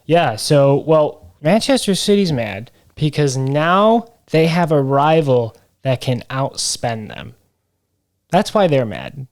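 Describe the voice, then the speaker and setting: A man hosting a casual sports podcast chat, explaining things in a teasing way with halting fillers. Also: a little high, very animated, darkish tone. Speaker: podcast host.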